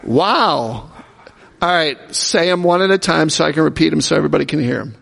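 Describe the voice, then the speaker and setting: A man's voice: on the high side, expressive, fairly quick, creaky, fairly bright tone. A man preaching a sermon, repeating aloud each answer called out by the congregation. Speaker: pastor. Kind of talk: sermon with audience call-and-response. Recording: echoey hall reverb.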